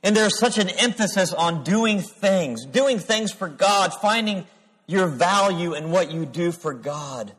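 A man's voice: high-pitched, animated, a little slow, fairly bright tone, breathy edge, pitched above the performer's own voice, full character voice. A man quoting an earnest ninety-three-year-old woman in a reverberant hall.

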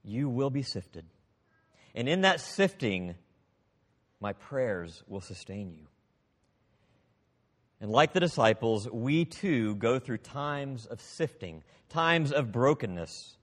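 A man preaching a sermon, expressive, swinging from loud emphasis to hushed, quiet passages. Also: mid-range voice, slow pace, pauses often, long reverb tail.

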